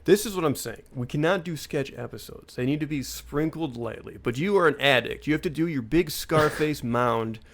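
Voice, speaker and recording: A man co-hosting a podcast, telling jokes and stories in an animated, casual way. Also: on the high side, normal speed, few pauses. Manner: animated, joking storyteller. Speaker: podcast co-host.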